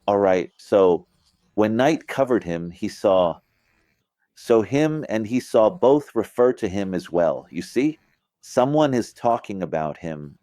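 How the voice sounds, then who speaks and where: A man's voice: fairly low pitch, lively intonation, takes it slowly, mellow, no room sound. A middle-aged man giving an informal religious lesson, talking conversationally, checking in with listeners and acting out phrasings with emphasis. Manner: conversational, asks listeners "you get it?"; acts out phrasings with vocal emphasis. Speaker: religious teacher. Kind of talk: informal explanatory lecture.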